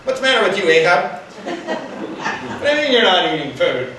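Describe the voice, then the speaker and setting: A man's voice: high-pitched, very animated, normal speed, bright, forceful tone, voice pushed up, heavily acted. A man putting on a scornful, sarcastic queen. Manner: sarcastic, needling. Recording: echoey room from far off, noisy.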